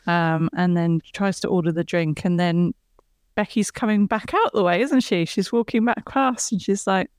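A woman's voice: lowish voice, moderate pace, clean tone, dry recording, clean studio sound. A woman chatting casually on a podcast, retelling a TV episode scene by scene. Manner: chatty, retelling scenes with laughs and quoted lines.

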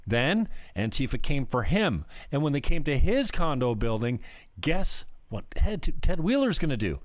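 A man's voice: medium pitch, big pitch swings, moderate pace, no room sound. A man hosting political commentary, ranting heatedly and sarcastically over clips.

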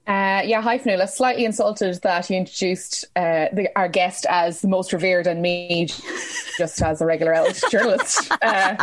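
A woman's voice: lowish voice, normal speed. A woman, a journalist guest talking in an upbeat, self-deprecating way. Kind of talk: casual chat.

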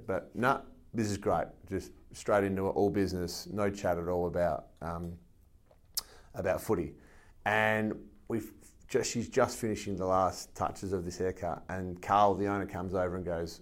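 A man's voice: low voice, moderate pace. An Australian man, a former football captain, telling stories in a casual interview, laughing often and acting out the voices of the people in his stories. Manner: animated storyteller, laughs often, acts out voices.

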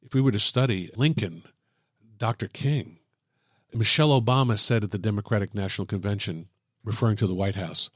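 A man teaching writing, talking thoughtfully and illustrating each point with examples in a relaxed podcast chat. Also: on the low side, a little fast, no echo, studio quality. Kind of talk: explaining on a podcast.

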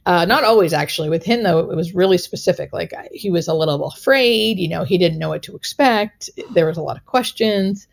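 Woman guest, hospice nurse; lowish, gravelly voice; earnest, emotional storytelling full of fillers. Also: brisk, hardly any pauses. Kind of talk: personal storytelling in interview.

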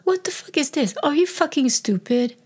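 A woman's voice: high-pitched, lively intonation, drawn-out words, dark tone, pitched above the performer's own voice, exaggerated voice. A woman reenacting a harsh, angry female psychiatric ward doctor who scolds and swears. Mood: furious scolding.

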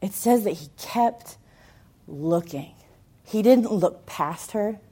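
Preaching a sermon, a woman speaks slowly in a husky, mid-range voice. She tells the story with animation, her emphatic lines shifting between loud and hushed.

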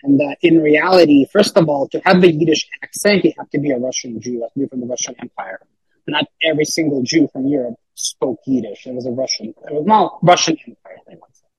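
Husky-voiced man rambling in casual chat. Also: a little high, a little fast, no room sound, low-quality recording. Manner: rambling, many fillers and restarts. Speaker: podcast guest.

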